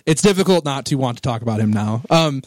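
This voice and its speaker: A man in casual conversation about a movie, enthusiastic and quick-talking. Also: mid-range voice, lively intonation. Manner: enthusiastic, quick-talking, slips into quoted impressions. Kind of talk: casual film discussion.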